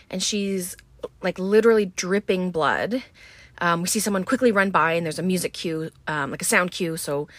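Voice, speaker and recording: A woman hosting a podcast walks through a film plot in a loose, chatty way, full of um and like. Her voice sits on the lower side for a woman. She records on a boat, and the sound is close and dry. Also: no echo. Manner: chatty, many fillers like um and like. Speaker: podcast host. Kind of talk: casual movie recap.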